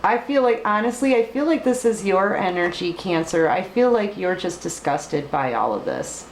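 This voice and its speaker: A tarot reader gives a late-night reading, speaking emphatically, repeating words and trailing off with fillers. Her medium-pitched voice has lively intonation at a moderate pace, recorded in an echoey room with faint background noise.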